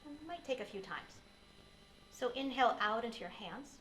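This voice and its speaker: A woman teaching a yoga class, giving gentle, unhurried cues for breath and posture. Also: a little high, expressive, roomy sound, slight background noise, low-quality recording. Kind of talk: guided yoga class instruction.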